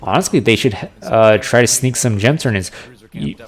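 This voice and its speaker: A man casting a video game match with live play-by-play, analytical and getting excited on big plays. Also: lowish voice, normal speed. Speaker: esports caster.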